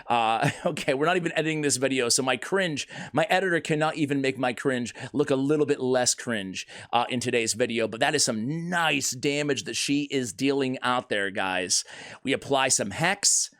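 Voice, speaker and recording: A man hosting a gaming video, giving casual, excitable commentary on a character build and fights, joking at his own expense. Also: mid-range voice, normal speed. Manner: excitable, jokey, self-mocking.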